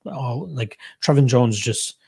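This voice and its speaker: A man's voice: mid-range voice, slow, gravelly, a little mellow, husky. A young Canadian man hosting a casual live stream, reading chat and answering betting questions in a laid-back, chuckling way.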